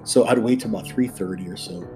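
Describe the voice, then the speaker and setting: A man hosting a podcast, telling stories in casual chat and dropping into quick impressions. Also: on the low side, music in the background. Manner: chatty storyteller, drops into quick impressions. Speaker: podcast host.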